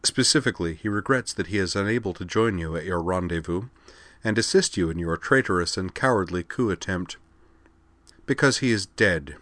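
A man voicing a dangerous, mocking princess with a low, throaty voice in a sci-fi audiobook. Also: moderate pace, fairly bright tone, no echo. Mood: menacing.

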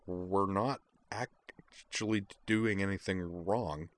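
A man's voice: low voice, steady tone, slow. A man voicing a shy young woman who stammers apologetically, reading a story aloud. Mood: timid. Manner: stuttering, apologetic.

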